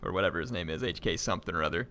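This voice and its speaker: A man live-streaming a strategy game, excitably yelling orders at his units and chatting with viewers. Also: sits low, very fast, slight background noise.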